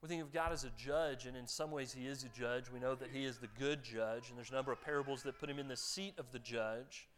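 A man's voice: mid-range voice, fairly even intonation, fast, hardly any pauses, a bit bright. A man pastor giving a conversational sermon, joking with his congregation.

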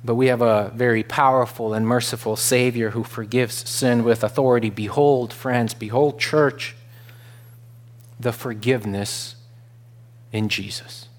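Earnest preaching man, rising to loud peaks. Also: medium pitch, fairly even intonation, unhurried. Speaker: pastor. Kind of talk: sermon.

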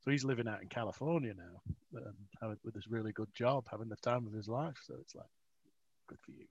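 A man's voice: lowish voice, fast, husky, dry recording. A man, an author, telling rambling, self-mocking stories with frequent laughs in a casual interview. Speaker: author, guest. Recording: dry, dull lo-fi audio.

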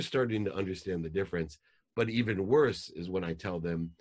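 A man's voice: low-pitched, a little fast, a little mellow, slightly rough. A man in his forties, a life coach telling a motivational story in an intense, emphatic way.

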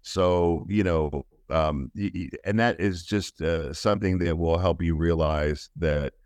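A man with an extremely low, deep voice speaks as an interview guest, recounting something personal in an earnest way. He often stops and starts over mid-sentence. The sound is dry and close, with no room echo. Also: fairly even intonation, a little mellow. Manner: earnest, halting, with many restarts. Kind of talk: personal storytelling in conversation.

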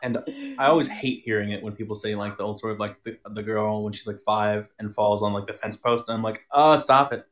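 A man's voice: fairly low pitch, flat delivery, fast talker, hardly any pauses. A man talking as a podcast guest in a casual chat, matter-of-fact and often restarting his sentences.

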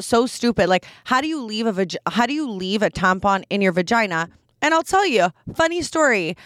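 A woman's voice: medium pitch, fairly bright tone, clear, resonant tone, no echo, studio quality. A young adult woman hosting a podcast, telling a personal story in a candid, chatty way full of fillers. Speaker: podcast host. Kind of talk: casual storytelling chat.

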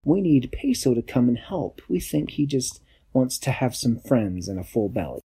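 A man's voice: mid-range voice, big pitch swings, normal speed, dark tone, breathy edge, exaggerated voice. A man voicing a clumsy, eager young female explorer in an improvised bedtime story, in an earnest, pleading way. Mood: urgent.

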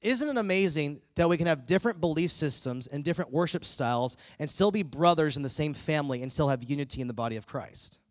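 A middle-aged male preacher with a notably high voice tells a story from the pulpit, acting out each line of dialogue with lively energy. The sound is dry and close, with no room echo. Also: quick pace, few pauses. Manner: animated storytelling with acted-out dialogue. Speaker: pastor. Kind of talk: sermon.

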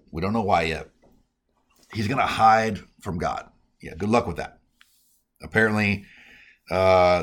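A man's voice: low voice, a little slow, long pauses. A man hosting a podcast, teaching casually and earnestly on prayer and reading scripture in a conversational way. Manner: earnest, conversational, with many "like" and "all right" fillers.

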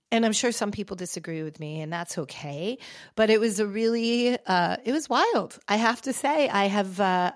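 A woman's voice: fairly low pitch, no echo. Dry-sounding woman telling an emotional story. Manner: emotional, rambling, with many fillers and restarts. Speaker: podcast host. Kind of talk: casual storytelling monologue.

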